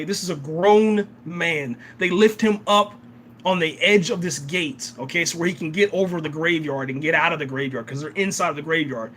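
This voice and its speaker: An excitable young man reviews a TV episode live as the host of a reaction channel. His voice is fairly high and bright, and it is often stressed, and his words stumble and repeat, with "man" at the end of nearly every sentence. A faint hiss of background noise sits under the recording.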